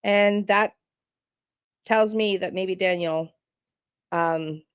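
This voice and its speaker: A woman hosting a true crime channel, chatting casually and reacting out loud to a clip and to her viewers. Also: medium pitch, fairly even intonation, drawn-out words, smooth, dry recording. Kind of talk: casual live-stream commentary.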